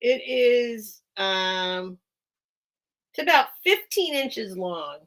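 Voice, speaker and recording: Speaking extremely slowly, this woman has a fairly high, expressive voice with a fairly bright tone. She runs a laid-back live-stream sale from a small home room with a towel under the door, chatting away, getting sidetracked, and laughing a lot.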